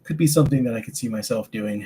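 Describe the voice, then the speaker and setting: A man talking in a casual chat, easygoing and a little hesitant, pausing and restarting as he thinks aloud. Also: medium pitch, mellow, a little hiss or hum. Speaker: band member.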